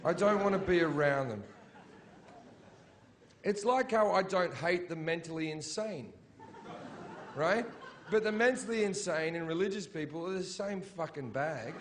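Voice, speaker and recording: Guy doing stand-up, swearing and mocking, pretty high voice, faint room hum behind. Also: unhurried, long pauses. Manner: profane, mocking, builds to shouted rants. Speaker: stand-up comedian. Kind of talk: stand-up routine. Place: comedy venue before a live audience.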